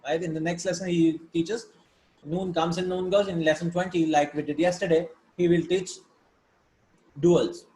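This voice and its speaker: A man's voice: a little high, flat delivery, moderate pace, dark tone, roomy sound, slight background noise, rough recording. A man teaching a grammar lesson, explaining patiently and often checking in with his students by asking "right?". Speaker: Arabic teacher.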